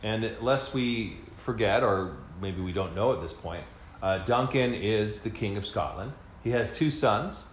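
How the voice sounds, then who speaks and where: Fairly low in pitch and unhurried, a man co-hosting a podcast works through a lengthy, casual explanation, often using fillers and starting over. There is faint background noise in an echoey space.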